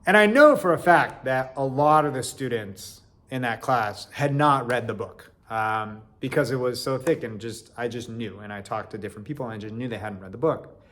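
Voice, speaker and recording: A man telling a personal story in an animated way, swinging from loud to quiet. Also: mid-range voice, moderate pace.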